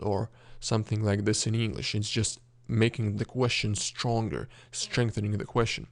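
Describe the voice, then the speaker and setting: A man with a Lithuanian accent teaching a language lesson, explaining grammar patiently with many fillers and throat clearing. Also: on the low side, flat delivery, normal speed, hardly any pauses, no room sound.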